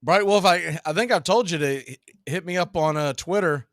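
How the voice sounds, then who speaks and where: A middle-aged man doing casual baseball play-by-play, telling long stories between pitches and laughing as he goes. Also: moderate pace, a bit bright, dry recording, studio quality.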